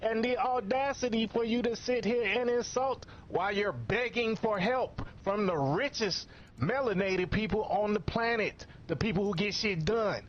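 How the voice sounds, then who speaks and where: High-voiced man ranting, muffled. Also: moderate pace, slight background noise. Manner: profane, scolding, repetitive. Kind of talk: angry commentary rant. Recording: muffled lo-fi recording.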